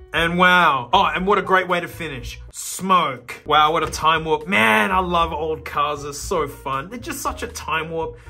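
An excitable Australian man talks casually, laughing often, with a very lively, up-and-down voice. His tone is bright and forceful. There is faint music playing behind him. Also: sits high. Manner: laughing, excitable, jokey asides. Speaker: YouTube host. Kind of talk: casual commentary while flipping through an old car magazine.

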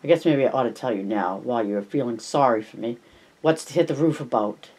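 A man's voice: mid-range voice, brisk, a little mellow, breathy edge. A man reading aloud and voicing a tired, worried young mother who pleads with her husband in a slightly raised voice. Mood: pleading.

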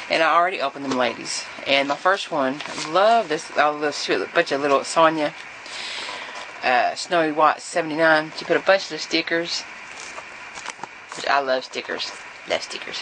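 A woman's voice: low voice, normal speed, background noise. A woman, chatting casually to camera in a rambling way, with fillers and restarts. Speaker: vlogger.

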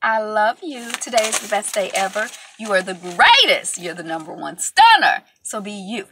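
Chatty woman with gravelly bright voice. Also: medium pitch, sing-song, normal speed. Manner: chatty, lots of ums and you-knows, playful sign-off. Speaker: YouTube recap vlogger. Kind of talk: casual reality-TV recap.

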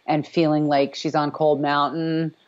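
A woman's voice: deep voice, little pitch movement, unhurried. A woman co-hosting a casual recap chat over a video call, rambling with many fillers and restarts. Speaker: podcast co-host. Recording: dull lo-fi call audio.

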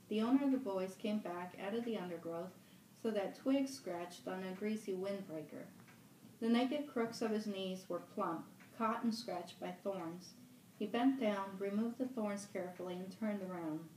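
A woman who directs a library, reading a novel aloud in a steady, measured way. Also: medium pitch, slight background noise. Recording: roomy room, mic at a distance.

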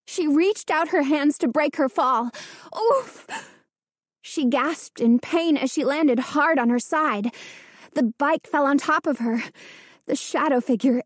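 A woman narrating a children's horror storybook in a measured, suspenseful reading. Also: sits high, dry recording, studio quality. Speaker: audiobook narrator.

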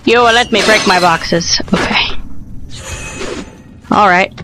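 A woman's voice: mid-range voice, slow, music in the background. A woman narrating her video game play in a giggly, exclamatory way. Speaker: gamer. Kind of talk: let's play commentary.

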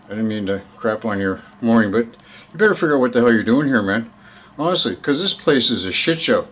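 A man's voice: medium pitch, background noise. A man ranting in a rambling casual vlog, swearing freely and heated, often tagging his points with "right?", filmed on a handheld phone. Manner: profane and heated, keeps asking "right?". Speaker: vlogger.

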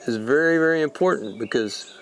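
A man's voice: mid-range voice, animated, a little fast, a bit bright, slight background noise. A man giving a casual, folksy fly-fishing tutorial, emphatic and repeating words for stress. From Texas.

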